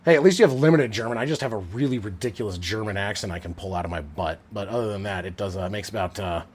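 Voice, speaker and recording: A man's voice: lowish voice, quick pace, slight background noise. A man around forty hosts a live sports stream in an easy, rambling chat. He talks with plenty of fillers and restarts, and his voice comes through a Bluetooth headset. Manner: chatty, rambling, many fillers.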